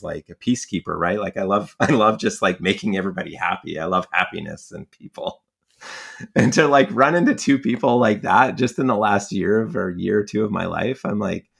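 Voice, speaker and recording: A man tells a story in a low, gravelly voice, rambling and full of filler words. He sounds like a young adult chatting casually as an interview guest. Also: a little fast, fairly bright tone. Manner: rambling, heavy on filler words, laughs often. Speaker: guest, fly angler and magazine writer.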